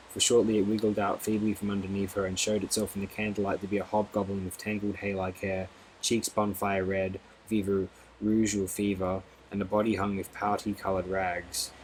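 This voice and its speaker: A man narrates a novel in a steady, expressive storytelling voice. His pitch sits on the low side, and a faint hiss of noise runs under the recording. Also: poor audio. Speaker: audiobook narrator. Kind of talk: audiobook narration.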